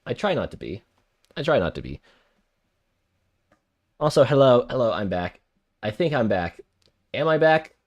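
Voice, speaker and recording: A man's voice: medium pitch, sing-song, normal speed, long pauses, highs cut off. A man streaming a story game live, chatting to viewers and reading the narration aloud, flustered and prone to repeating himself. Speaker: streamer playing a visual novel.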